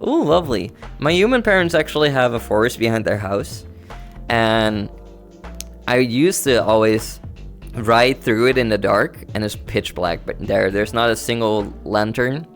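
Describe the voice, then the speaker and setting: Streaming from home while in VR, a man with a medium-pitched, expressive voice keeps a measured pace. His casual chat with viewers is easygoing and rambling, and faint background music plays.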